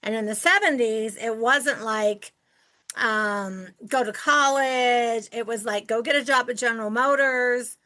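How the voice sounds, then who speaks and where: Podcast host, woman in her sixties from Ohio, bright higher voice, animated storyteller. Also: a little slow. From Ohio, United States. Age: 60s. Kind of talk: casual interview chat.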